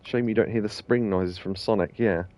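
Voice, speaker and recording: A man's voice: on the low side, normal speed, a little mellow, a little hiss or hum. A man hosting a let's play, chatting casually and laughing often with his co-host. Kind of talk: casual gameplay commentary.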